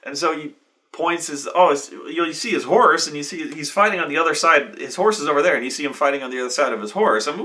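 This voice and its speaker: A man hosting a show, telling a long, animated, profane story with lots of restarts. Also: on the high side, fast. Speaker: show host. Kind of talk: casual storytelling.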